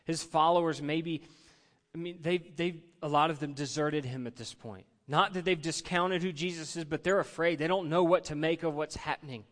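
A man's voice: a little high, fairly even intonation, moderate pace. A middle-aged male pastor preaching a conversational sermon in a church, leading his congregation in call-and-response. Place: church sanctuary. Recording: long reverb of a large hall.

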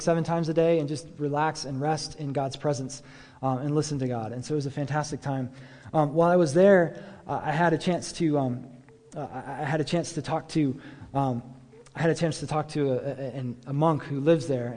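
A pastor delivers a relaxed, conversational sermon, fairly quick, full of "like" and "um" and rhetorical questions to his listeners. His voice is a little high for a man. A long reverb trails each phrase, as though he were in a big hall.

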